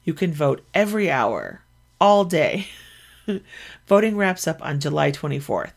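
A woman hosting her own podcast, telling stories in a chatty, animated way. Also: deep voice, measured pace, gravelly. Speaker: podcast host. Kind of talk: casual solo podcast chat.

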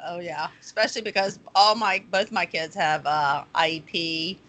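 A woman's voice: on the low side, fairly even intonation, normal speed, fairly bright tone. A woman talking candidly and earnestly in a casual podcast chat.

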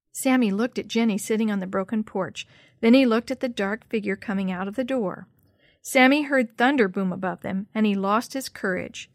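A woman narrating a children's story in a steady, clear read-aloud style. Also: medium pitch, moderate pace, no echo, studio quality.

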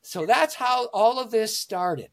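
A man, a pastor and author, telling stories in an interview with animated emphasis, swinging between loud, excited lines and hushed ones. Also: high voice, takes it slowly. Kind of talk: conversational storytelling.

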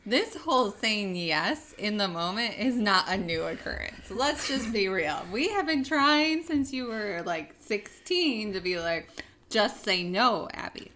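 A woman's voice: mid-range voice, sing-song, a little slow, hardly any pauses, fairly bright tone. A woman co-hosting a casual chat, cutting in with wry, teasing remarks.

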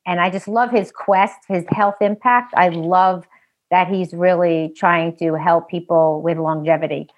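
New york woman on a podcast, firm and brisk with her tips, audio a bit muffled. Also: lowish voice, fairly even intonation. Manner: brisk, emphatic advice-giving. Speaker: health specialist guest. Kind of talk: casual podcast interview.

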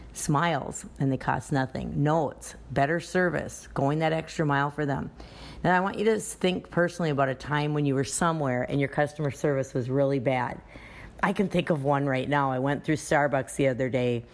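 A woman who runs a dance studio, talking casually on a podcast and telling chatty anecdotes. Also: a bass voice. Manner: chatty, anecdotal, restarts often.

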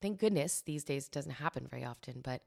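A woman's voice: a bass voice, animated, fast, gravelly, a little mellow. A woman in her thirties telling a personal story about single parenthood and giving advice, candid and emotional, with many fillers.

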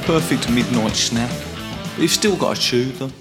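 A middle-aged man talks in an earnest, deadpan way. His pitch sits in an ordinary middle range. He plods through a scripted comic monologue at a steady pace. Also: moderate pace, over music. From Birmingham, England. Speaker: podcast host.

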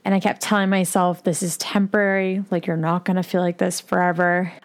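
A woman's voice: lowish voice, level tone, a little fast. Woman, 20s, solo podcast host; confessional, rambling delivery, casual profanity. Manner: rambling, confessional, swears freely. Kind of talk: candid solo podcast monologue.

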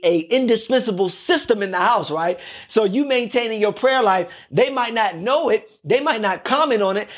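A man with a high-pitched voice delivers a conversational sermon. He talks informally, circling back to phrases and tagging lines with "right?". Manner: repeats phrases and keeps asking "right?". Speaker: preacher.

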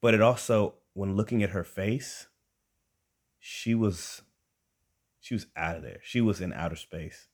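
A young man telling a comic personal story, animated and chatty, talking straight to his listeners. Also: sits low, measured pace, pauses often. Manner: animated, conversational, addresses listeners directly. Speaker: storyteller and podcast host.

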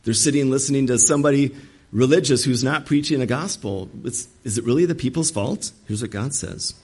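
A man's voice: medium pitch, brisk, darkish tone, husky. A man preaching an emphatic sermon, acting out the voices he quotes. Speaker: pastor.

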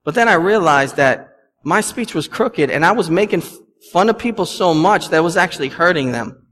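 A young adult male pastor in a church sanctuary preaches a sermon, conversational and emphatic, with asides to his congregation. His voice is on the high side, expressive, fairly bright and a little fast. The church hall gives a long reverb.

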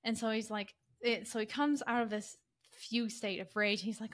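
Slightly high-voiced and animated, this woman co-hosts a podcast and casually summarizes a story, sprinkling in plenty of fillers. She acts out the characters' lines in quick, quoted voices as she chats.

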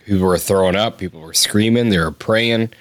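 A man hosting a podcast, chiming in with quick, sympathetic remarks in casual chat. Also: lowish voice.

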